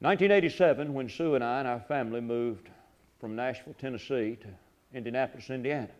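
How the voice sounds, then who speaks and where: A middle-aged man preaching a sermon, swinging from loud, fervent lines to hushed ones and repeating his phrases. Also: mid-range voice, quick pace, dull audio. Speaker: pastor.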